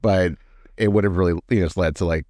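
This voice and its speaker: A man's voice: low-pitched, fairly even intonation, fairly quick, mellow, no echo. A man co-hosting a casual podcast, wry and chatty, often restarting his sentences. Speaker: podcast co-host. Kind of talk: casual chat.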